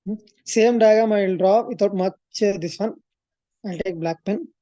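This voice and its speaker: A woman's voice: medium pitch, normal speed, warm tone, no room sound, muffled recording. Woman teaching maths at a board. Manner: explains step by step, thinks aloud with fillers and self-corrections. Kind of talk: classroom lecture at a board.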